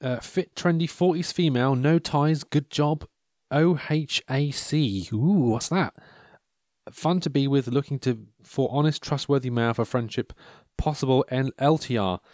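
A man musing aloud in a loose, digressive way, dropping dry asides as he reads personal ads. His voice sits at an ordinary middle pitch. The sound is close and dry, with no room echo at all. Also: a little slow, a little mellow. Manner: wry, rambling, digressive commentary. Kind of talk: casual monologue reading out personal ads. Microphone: handheld or desk microphone.

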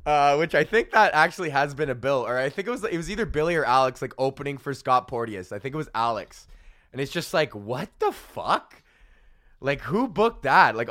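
A young man, a stand-up comic hosting his own podcast, ranting in a loose, profane, animated way and acting out what people said. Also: medium pitch, no room sound, clean studio sound. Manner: animated, swears constantly, acts out quotes. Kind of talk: casual profane rant.

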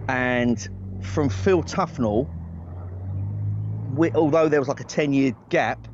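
A man's voice: medium pitch, slow pace, noisy background. Rambling, self-deprecating man in his forties. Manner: rambling, self-deprecating, frequent restarts and laughs. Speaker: talent agent, guest. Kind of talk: casual anecdotal chat. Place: outdoors in a hammock. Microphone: earbuds. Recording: dry, slightly dull sound.

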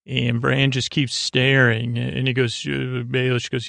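A man's voice: mid-range voice, a little slow, creaky, few pauses, no room sound. A man hosting a podcast, recapping an episode in a rambling, hesitant way with lots of fillers and restarts, retelling dialogue offhandedly. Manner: paraphrases dialogue in a flat offhand way. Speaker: podcast host.

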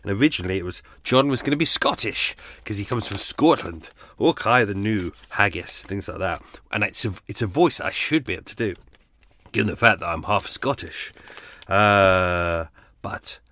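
A man's voice: on the low side, lively intonation, normal speed, bright, forceful tone, a little hiss or hum. A man hosting a podcast, chatting casually off the cuff while unwell with a sore throat and cold, rambling with fillers and restarts. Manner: rambling, self-deprecating, frequent fillers and restarts. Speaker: podcast host. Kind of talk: unscripted casual chat.

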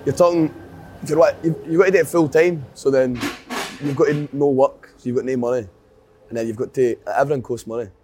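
A man's voice: medium pitch, steady tone, quick pace, warm tone, slight background noise. A Scottish man talking casually and bluntly about working as a musician, with some swearing. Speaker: musician guest. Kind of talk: casual chat.

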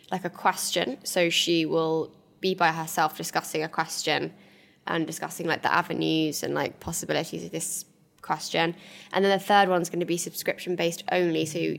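A woman's voice: low-pitched, gravelly. A young woman, co-hosting a podcast in casual chat and trailing off with "like" and "whatever". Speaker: podcast co-host.

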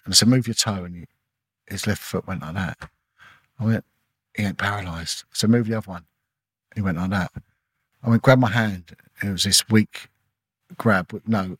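A middle-aged man, a former detective, telling an emotional personal story in a halting way, repeating words and acting out what people said. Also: sits low, a bit bright, slightly rough, no room sound. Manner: halting, repeats words, acts out quoted dialogue. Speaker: podcast guest, former police detective.

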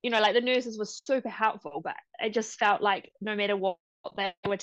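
A young woman, a podcast guest telling her story in a casual, animated way, laughing often and quoting others. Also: mid-range voice, a little fast, no room sound, dull audio. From New Zealand.

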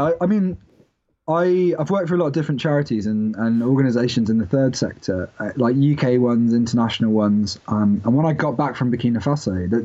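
A man's voice: mid-range voice, dark tone. A young man, talking casually as a podcast guest in a rambling, self-deprecating way. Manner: rambling and self-deprecating, with many restarts and laughs. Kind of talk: casual interview chat. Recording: dull lo-fi podcast audio.

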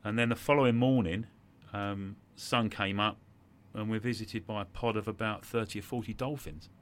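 A man's voice: lowish voice, steady tone, normal speed. A middle-aged man, a podcast guest, telling an emotional story in conversation, reflective and repeating words when moved.

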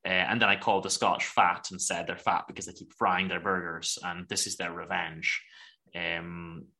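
Bright-voiced man recapping with laughs. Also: deep voice, little pitch movement, normal speed, vocal fry. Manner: laughs often while retelling scenes. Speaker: podcast co-host. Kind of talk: casual chat recapping a TV episode.

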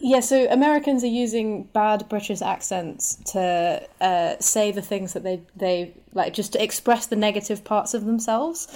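A woman's voice: medium pitch, normal speed, hardly any pauses, dark tone. A woman guesting on a comedy panel podcast, chatting in a rambling way with lots of fillers. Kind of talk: casual comedic panel chat.

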